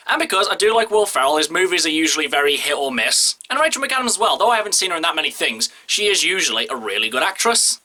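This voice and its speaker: A man giving a casual spoken film review to camera, chatty and animated, speeding up and slowing down. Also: a little high.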